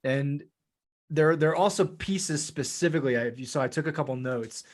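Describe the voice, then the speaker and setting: A man's voice: a little high, fairly quick. A male podcast host, enthusiastic and casual, who swears freely. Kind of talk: casual interview chat.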